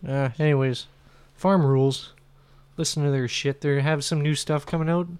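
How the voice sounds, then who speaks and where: A man's voice: on the high side, fairly even intonation, moderate pace, a little mellow, smooth, no echo. Laid-back swearing male podcast co-host. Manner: laid-back, swears casually, laughs often. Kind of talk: casual comedy chat.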